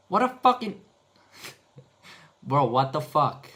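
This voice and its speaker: A man's voice: a little high, very animated, very slow, long pauses, fairly bright tone. A man talking to himself while editing video, muttering and swearing in exasperation. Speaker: video editor streaming his work.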